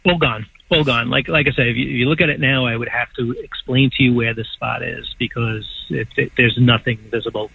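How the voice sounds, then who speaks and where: A man's voice: medium pitch, fairly even intonation, brisk, vocal fry, hardly any pauses, breathy edge. Man in his sixties, chatty caller on a thin phone line, stumbles over his words and sounds eager. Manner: rambling, enthusiastic, repeats words. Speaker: patient guest. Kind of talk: casual phone-in chat. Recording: tinny phone line on radio.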